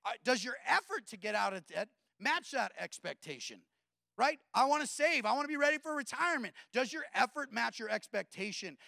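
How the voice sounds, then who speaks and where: A male pastor delivers a sermon in a relaxed, conversational way, tossing in frequent "right?" asides to his listeners. His voice is gravelly yet bright and sharp. The sound is dry and close, with no room echo. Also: very high voice.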